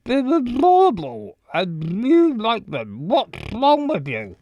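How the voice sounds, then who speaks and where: A woman's voice: fairly high pitch, huge pitch swings, takes it slowly, a little mellow, dry recording, dull audio, heavily acted. A woman voicing a blunt, teasing best friend in a video game. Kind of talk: game voice acting.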